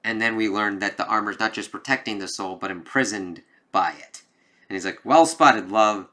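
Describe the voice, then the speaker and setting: A man's voice: lowish voice, fairly even intonation, fairly quick, pushed and bright. A man giving a casual, rambling comic book review, swearing now and then. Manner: rambling, loose, with swearing and filler phrases.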